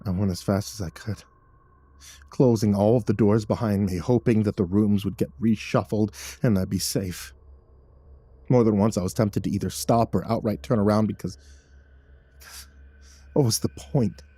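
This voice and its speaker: A man reads a horror story aloud in a low, mellow voice, keeping a measured and somber pace. The sound is close and dry, with no room around it. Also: fairly even intonation, slightly rough, no room sound. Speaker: narrator. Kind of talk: scripted horror story narration.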